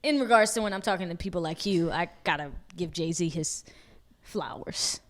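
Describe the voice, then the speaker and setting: A woman's voice: lowish voice, moderate pace. A woman co-hosting a podcast in casual chat, laughing often and talking in slang. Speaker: podcast co-host.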